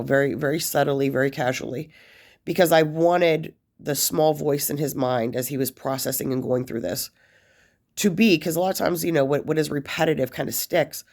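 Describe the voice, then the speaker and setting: Low in pitch and darkish in tone, a woman's voice offers casual advice to camera about life after prison. The vlogger rambles, stumbling through fillers and restarts, and her emotion sometimes brings her near tears.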